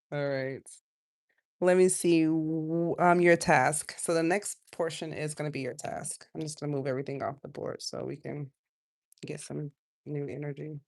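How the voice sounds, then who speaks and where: A woman giving a casual live tarot reading, chatty and loose, drifting from quiet asides to loud outbursts. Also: low voice, normal speed, vocal fry. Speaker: tarot reader.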